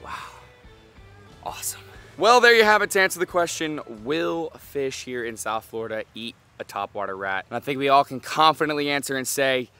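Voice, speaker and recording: A man's voice: medium pitch, lively intonation, moderate pace, bright, forceful tone, clear, resonant tone, faint music behind. A young man vlogging a fishing trip outdoors by a canal, talking to an action camera and exclaiming often. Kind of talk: excited outdoor fishing vlog.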